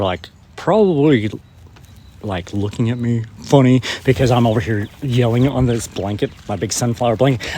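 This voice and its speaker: A man from West Texas, rambling and emphatic in a casual spiritual vlog, his voice a bit hoarse, recorded outdoors in a field. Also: mid-range voice, a little mellow, a little hiss or hum. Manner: rambling and emphatic, urging viewers. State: slightly hoarse. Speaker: spiritual vlogger.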